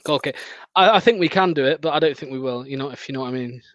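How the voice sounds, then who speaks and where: A man's voice: medium pitch, fast talker, a bit bright, no echo. A man hosting a live football watchalong, chatting casually and hesitantly with plenty of fillers and laughs. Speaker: fan channel host. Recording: dry, dull lo-fi sound.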